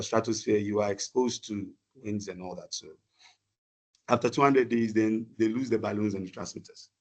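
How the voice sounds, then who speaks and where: A man giving a webinar talk over a video call, often repeating words and pausing with fillers. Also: on the low side. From Ghana. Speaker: webinar speaker. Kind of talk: presentation talk.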